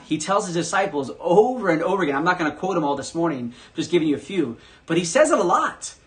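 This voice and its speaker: A man preaching a sermon as pastor, animated, acting out the quoted voices with sudden loud bursts. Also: on the high side.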